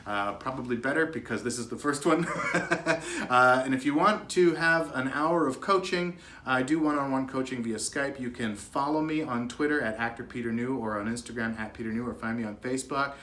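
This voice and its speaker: A man coaching voice acting in a relaxed, joking way, chuckling often as he explains. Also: medium pitch, brisk, roomy sound, slight background noise. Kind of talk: casual instructional talk to camera.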